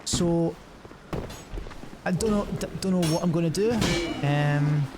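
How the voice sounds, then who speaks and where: A man's voice: on the high side, a little slow. A young man talks in a slightly raised voice as he streams a game. He rambles loosely, swears freely and trips over his own restarts, with a faint hum of room noise behind him. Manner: rambling and profane, many fillers and restarts. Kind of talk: casual chat while gaming.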